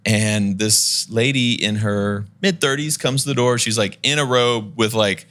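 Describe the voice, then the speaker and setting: A man telling a long, lively story in a casual podcast chat, laughing as he goes and acting out the people in it. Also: mid-range voice, unhurried. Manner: animated storyteller, laughs while talking, acts out the people in his story.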